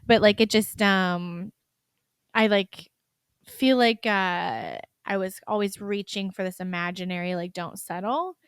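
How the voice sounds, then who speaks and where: A woman's voice: medium pitch, steady tone, unhurried, clean tone, no echo. Chatty woman podcast host, dry sound. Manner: chatty, heavy use of "like" fillers. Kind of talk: casual chat.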